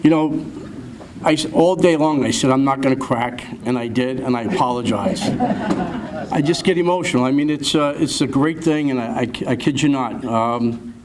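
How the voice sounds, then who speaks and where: A man, a town councilman giving an emotional speech at a town meeting, halting and repeating words as he thanks people. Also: mid-range voice, very noisy.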